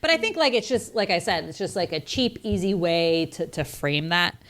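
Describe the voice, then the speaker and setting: A woman with a deep, smooth, clear voice chats casually on a film-review podcast. She thinks aloud, circling her points as she talks. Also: lively intonation, normal speed, fairly bright tone. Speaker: podcast co-host.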